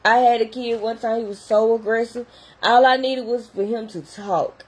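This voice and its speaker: A woman's voice: on the high side, steady tone, normal speed, poor audio. A young adult woman who works in behavior therapy, talking casually and animatedly straight to her viewers. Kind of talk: casual talk to camera.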